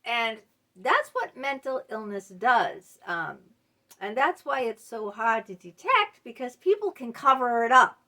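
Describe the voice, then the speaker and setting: A woman's voice: a little high, very animated, sharp tone. Candid middle-aged woman talking to camera. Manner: candid and confessional, halting with frequent fillers. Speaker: channel host. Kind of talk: confiding to-camera monologue.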